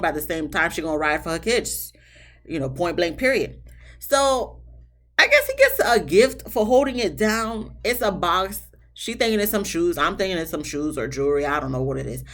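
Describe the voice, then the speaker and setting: A woman giving a casual, slangy recap of a reality show episode, talking straight to her viewers. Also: fairly low pitch. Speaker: TV show reviewer.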